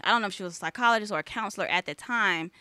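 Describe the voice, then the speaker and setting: A woman's voice: mid-range voice, rapid-fire, sharp tone, no echo. A woman hosting a talk radio show, telling personal stories candidly in a casual chat. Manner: candid, emotional personal storytelling. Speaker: host. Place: studio.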